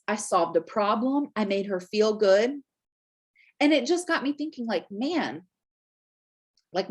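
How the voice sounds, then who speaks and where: A young woman talking straight to her camera at home in a relaxed, chatty way. She leans on fillers and keeps checking in with "right?" and "okay?". Her voice sits at an ordinary middle pitch. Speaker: Scentsy consultant giving business tips. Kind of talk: casual chat to camera.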